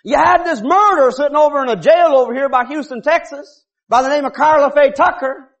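A middle-aged man preaching a revival sermon, folksy and full of rhetorical questions, swinging from loud shouts to low muttered asides. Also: fairly quick. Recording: dull lo-fi recording.

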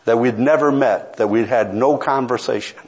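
A man's voice: medium pitch, moderate pace, darkish tone. A middle-aged man preaching a sermon, telling a story with earnest, pleading intensity.

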